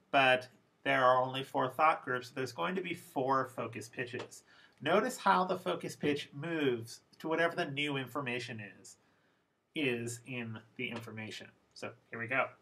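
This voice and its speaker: This English pronunciation lesson features a male teacher who explains things slowly, stressing his words deliberately. The recording is rough, and his mid-range voice comes across bright, forceful and slightly rough.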